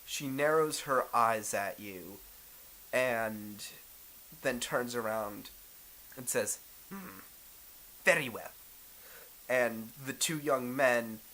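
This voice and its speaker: A man running a tabletop role-playing game as game master, narrating in a relaxed way. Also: mid-range voice, takes it slowly, pauses often, low-quality recording. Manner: relaxed, thinking aloud with fillers.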